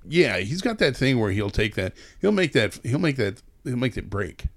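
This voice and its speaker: A man's voice: medium pitch, sing-song, normal speed. A man co-hosting a podcast, chatting casually about films, wry and profane, often restarting his sentences. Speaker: podcast co-host. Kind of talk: casual film chat.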